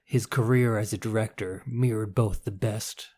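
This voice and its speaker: A man voicing a gruff old male podcaster with a slight Southern drawl, low and half-whispered. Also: fairly even intonation, moderate pace, a little mellow, natural voice. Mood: gruff musing.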